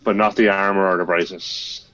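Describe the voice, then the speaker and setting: A man playing in a tabletop game, speaking hesitantly and politely with pauses. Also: low voice, level tone, pushed and bright, lo-fi sound, slight background noise. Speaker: player. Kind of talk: casual tabletop play.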